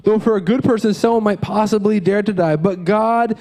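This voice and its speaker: A man in his thirties preaching a sermon as a pastor, earnest and conversational, mixing quick asides with slow emphatic lines. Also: sits high, mellow.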